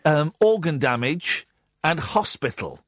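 A man calling a radio show, telling an anecdote in a lively, storytelling manner with frequent "right?" tags and stammered restarts. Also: a little high, a little slow, dry recording, clean studio sound.

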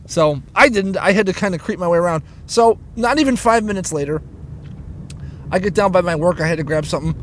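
Brief: high-pitched male podcast host, foul-mouthed rant from his car, low road hum underneath. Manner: profane, fast-shifting, stumbling restarts. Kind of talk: casual ranting monologue. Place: inside a moving car. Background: engine rumble of the car.

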